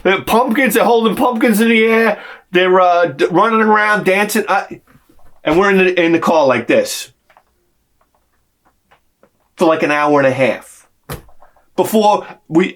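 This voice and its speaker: Lively storytelling man, swears freely. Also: sits high. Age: adult with a young son. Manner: expressive, swears freely, acts out the people in his story. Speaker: video creator. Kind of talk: animated personal storytelling.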